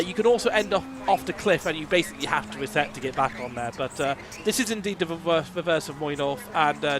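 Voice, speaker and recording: A fairly high-voiced man calls a live sim rally stream. He talks loosely, with plenty of fillers as he follows the cars. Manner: chatty, thinks aloud with fillers. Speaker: rally commentator. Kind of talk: live esports commentary.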